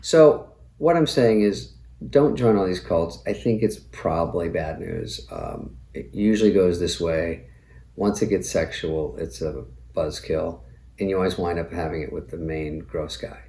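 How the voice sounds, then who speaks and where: A middle-aged man hosts a comedy show with a sardonic, profane monologue. His voice sits on the low side. The sound carries a roomy echo. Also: animated, unhurried, gravelly, warm tone. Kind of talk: comic monologue.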